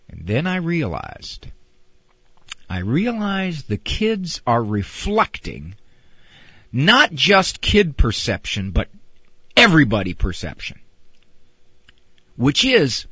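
A middle-aged man and parent, talking about raising kids in a casual, animated monologue with a husky voice. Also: mid-range voice, slow, pauses often, no echo, muffled recording. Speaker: parenting speaker.

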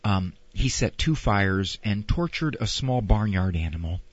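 A man voicing a prim sitcom mother who calmly reports her son's misdeeds in a quiet, husky voice. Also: fairly low pitch, measured pace, dry recording, muffled recording, voice pushed down. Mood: matter-of-fact.

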